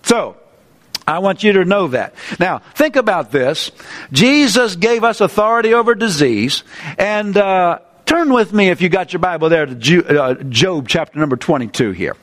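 Male preacher, light high-ish voice, animated sermon delivery with casual asides and restarts. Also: moderate pace.

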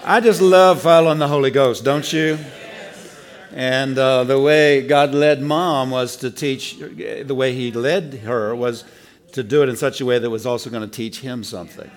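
A man's voice: mid-range voice, steady tone, moderate pace. A man speaking casually in a church talk, chuckling and reflective.

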